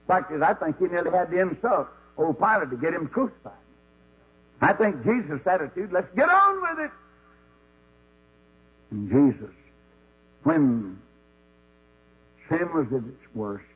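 A Baptist preacher with a medium-pitched, slightly rough voice gives a folksy sermon retelling Bible stories, acting out the voices of God and Moses. The recording is dull and lo-fi, with mains hum.

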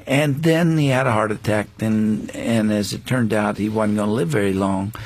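An older man, a guest on a faith interview show, telling a personal story in an earnest, reflective way with frequent pauses and restarts. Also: fairly low pitch, slightly rough.

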